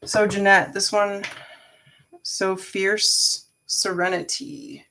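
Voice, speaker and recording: A woman's voice: on the low side, fairly even intonation, unhurried, fairly bright tone, a little hiss or hum. A woman giving a live-stream tarot reading, chatty and frank, talking to her viewers by name. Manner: frank, swears casually. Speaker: tarot card reader.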